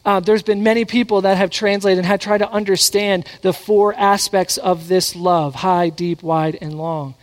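Male pastor, high voice, animated storytelling sermon, echoing church hall. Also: moderate pace, few pauses. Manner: animated, acts out quotes. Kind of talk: sermon with personal stories. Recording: long hall reverb.

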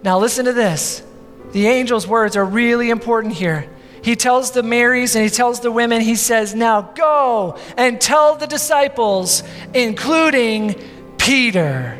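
A man's voice: very high voice, normal speed, a bit bright, big-room sound, soft background music. A man preaching a sermon as pastor, dramatic, with rhetorical questions and acted-out scenes. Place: church.

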